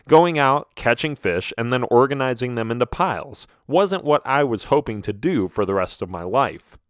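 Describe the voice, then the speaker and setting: A man's voice: mid-range voice, normal speed, no echo. Guy reading a silly kids' audiobook, voice bouncing up and down a lot, dry close sound. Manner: animated, expressive reading. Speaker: audiobook narrator. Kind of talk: scripted first-person storybook narration.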